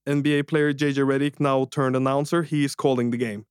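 A man co-hosting a podcast, telling an anecdote in a lively, laughing way. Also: medium pitch, brisk, smooth, no room sound, studio quality. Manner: animated, laughs through his own story. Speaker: podcast co-host. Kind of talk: casual podcast storytelling.

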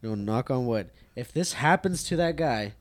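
A man in casual chat, jumping in with quick reactions and comments. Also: medium pitch, lively intonation.

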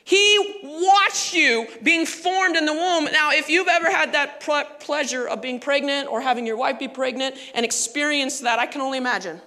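A woman pastor preaching a sermon in a church, animated and conversational with laughing asides. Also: high voice, normal speed, hardly any pauses, big-room sound.

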